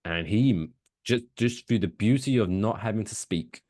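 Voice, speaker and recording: This podcast co-host has a fairly low pitch and a moderate pace as he casually chats, telling animated, rambling stories with lots of cursing. It's a dry, clean studio recording.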